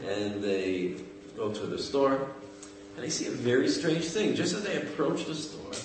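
A man telling a story in a halting, conversational way, often restarting his phrases. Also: medium pitch, sing-song. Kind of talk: informal oral storytelling. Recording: echoey room, mic far off, faint background noise.

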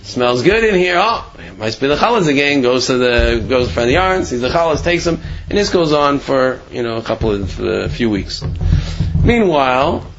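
A man's voice: mid-range voice, lively intonation, normal speed, muffled recording, noisy background. A man casually telling a religious tale in a rambling way, with many "you know"s. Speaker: storyteller.

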